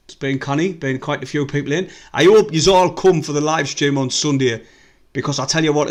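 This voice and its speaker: A football fan with a North East English accent rambles casually through a live stream, swearing freely. His voice is mid-range.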